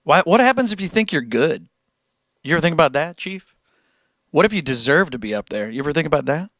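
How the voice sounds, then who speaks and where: Young guy streamer giving blunt pep talks to chat, bright tense voice, slightly high, dry close mic. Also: fairly quick, no echo. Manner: blunt, encouraging, swears, animated tangents. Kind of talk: casual chat.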